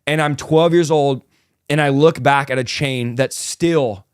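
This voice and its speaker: A man telling an emotional personal story in casual conversation, animated and informal, saying "dude" and "like" a lot. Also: medium pitch, measured pace, smooth, no room sound, studio quality. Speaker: guest telling his testimony.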